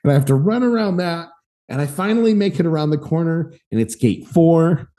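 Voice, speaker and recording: A man in his thirties co-hosting a podcast, telling a story in a lively, casual way and acting out the voices in it. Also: fairly high pitch, brisk. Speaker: podcast co-host.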